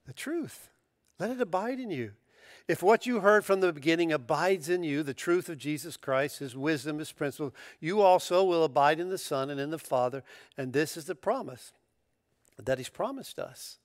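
A man preaching a sermon in an easygoing, conversational manner, his voice sitting a little high for a man. He restarts phrases and throws in casual slang, then lifts into bursts of emphatic excitement. The sound is close and dry. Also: moderate pace, no room sound. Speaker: pastor.

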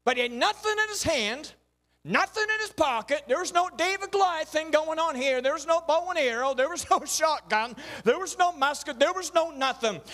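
A man's voice: very high voice, bright, forceful tone. A male pastor, preaching a folksy sermon with rhythmic repeated refrains.

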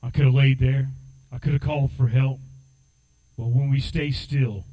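A man's voice: mid-range voice, steady tone, moderate pace, mellow, low-quality recording. A man preaching a sermon as assistant pastor, telling a story in a conversational way and rising into fervent exhortation. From United States.

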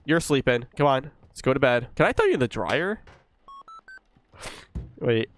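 A man's voice: medium pitch, big pitch swings, moderate pace, a little hiss or hum. A young man giving casual, profane let's-play commentary, joking and scolding the game baby. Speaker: gaming YouTuber.

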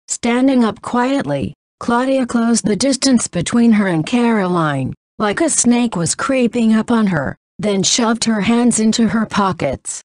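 A woman narrating a novel in a flat reading that says punctuation aloud. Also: fairly high pitch, a little slow, hardly any pauses, dry recording, clean studio sound.

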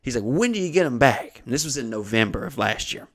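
A man's voice: medium pitch, quick pace. A man, hosting a comedy podcast and telling a long story, swearing freely and acting out the other people in it. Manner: profane, animated storytelling with acted-out voices. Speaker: comedian host.

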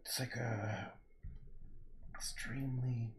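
A man's voice: mid-range voice, fairly even intonation, slow, a little hiss or hum. A man painting on a livestream, muttering to himself and scolding his own work as he goes. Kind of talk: livestream commentary while painting.

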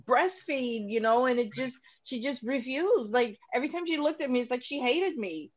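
A woman hosting a talk show, emotional and halting as she searches for her words. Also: high voice, expressive, lo-fi sound. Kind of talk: casual radio talk.

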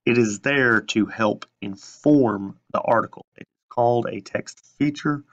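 A male teacher giving a recorded lesson, who asks questions and then answers them himself with slow emphasis. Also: medium pitch, fairly bright tone, muffled recording.

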